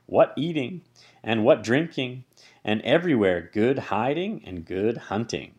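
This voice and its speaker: A man's voice: medium pitch, expressive, measured pace, a little mellow, lightly acted. A man voicing a scornful, greedy male rat who talks in a sneering, boastful way.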